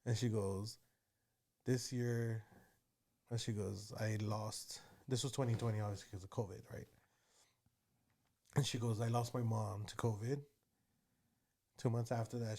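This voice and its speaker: A man's voice: lowish voice, steady tone, a little slow, long pauses, dark tone. A man, telling stories as an interview guest, rambling with many fillers. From Texas. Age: 30s. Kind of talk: casual storytelling.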